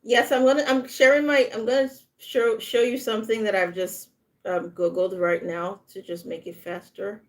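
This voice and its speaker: A woman's voice: a little high, level tone, moderate pace. A woman giving a live online English lesson, patiently modeling word stress and switching into French to explain. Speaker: English tutor.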